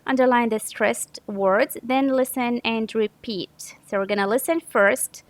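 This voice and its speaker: An English grammar lesson is delivered by a Saudi woman teacher who explains each step patiently and frequently corrects herself. She speaks in an unhurried, fairly high voice, recorded roughly with no echo.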